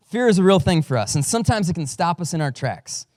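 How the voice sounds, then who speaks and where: A man's voice: a little high, big pitch swings, brisk, hardly any pauses, a little mellow, dry recording, studio quality. A man who is a father, a pastor giving a conversational sermon with storytelling and self-deprecating humor. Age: adult father.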